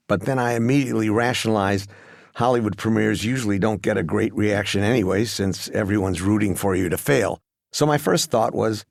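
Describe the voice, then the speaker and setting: Brief: low, gravelly male filmmaker, dry close mic, wry delivery. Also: a little fast, dry recording. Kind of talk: oral-history audiobook narration.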